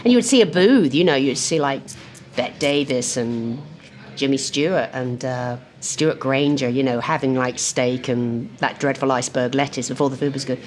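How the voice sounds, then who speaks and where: An older woman from England, telling lively anecdotes and acting out voices over lunch in a restaurant. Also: very deep voice, normal speed. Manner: lively storyteller who acts out voices. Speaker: guest. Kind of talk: casual chat.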